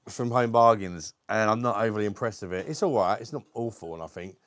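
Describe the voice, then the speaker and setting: A man's voice: lowish voice, brisk, dry recording. A British man hosting a casual live beer stream, chatty and greeting viewers by name, swearing casually and with a lingering cough. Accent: British English. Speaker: livestream host reviewing beer.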